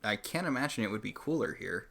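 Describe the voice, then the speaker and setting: A man's voice: lowish voice, lively intonation, fast, vocal fry, fairly bright tone. A man co-hosting a podcast, adding wry commentary in casual chat. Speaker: podcast co-host.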